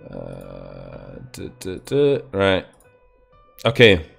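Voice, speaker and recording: A man's voice: very deep voice, huge pitch swings, extremely slow, creaky, breathy edge, soft background music. A young man hosting a game stream, chatting and teasing a guest in a casual, joking way. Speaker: streamer host. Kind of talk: casual gameplay chat.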